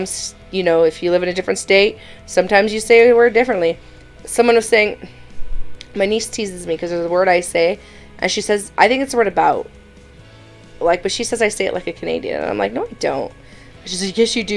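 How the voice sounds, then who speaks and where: A woman's voice: on the low side, creaky. A woman hosting a reaction video, commenting in an easygoing, conversational way with asides. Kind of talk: casual commentary.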